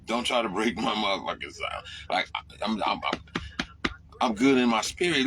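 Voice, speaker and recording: A man's voice: on the low side, moderate pace, slight background noise. Profane ranting trucker man. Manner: profane, animated ranting with sudden yelled outbursts. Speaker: truck driver. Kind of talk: casual rant to camera.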